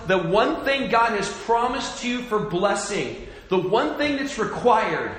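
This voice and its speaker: A man preaching a sermon to his congregation, animated and joking, with asides to the listeners. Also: sits high, in a large hall, a little hiss or hum. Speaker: pastor.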